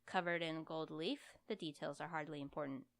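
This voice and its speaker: Aloof young male boss in a storybook, curt and lecturing, voice kept low and smooth; a woman reads him. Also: steady tone, moderate pace. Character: cool arrogant young male ghost hunter boss.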